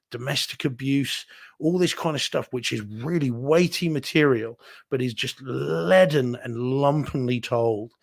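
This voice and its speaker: A man's voice: medium pitch, vocal fry. Candid man reviewing films. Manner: candid, self-deprecating, rambling with restarts. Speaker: podcast co-host reviewing movies. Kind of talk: casual live-stream chat.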